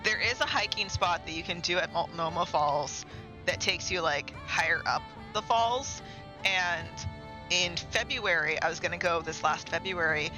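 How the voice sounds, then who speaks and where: A man's voice: high voice, moderate pace, low-quality recording. A man streaming a game live, chatting casually and rambling to himself and his chat. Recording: game music clearly behind.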